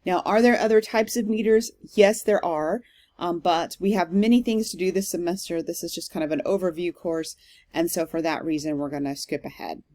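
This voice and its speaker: A woman's voice: on the low side, moderate pace. Woman giving a recorded lecture. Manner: explanatory, steady, with frequent ums. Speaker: literature instructor.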